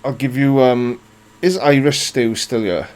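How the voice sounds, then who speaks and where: A man's voice: mid-range voice, measured pace, darkish tone. A man in his forties from South Wales with a Welsh accent, hosting a live stream and answering chat in a dry, self-mocking, playful way. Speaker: livestream host reading chat.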